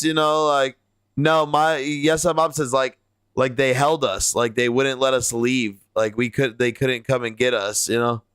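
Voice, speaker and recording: A man in his thirties riffs over a video in a loose, rambling way, full of fillers and casual swearing. His voice is strikingly smooth and crisp, recorded dry and close with no room sound. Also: medium pitch, level tone, measured pace, fairly bright tone, dry recording. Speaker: host reacting to videos. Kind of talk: casual reaction commentary.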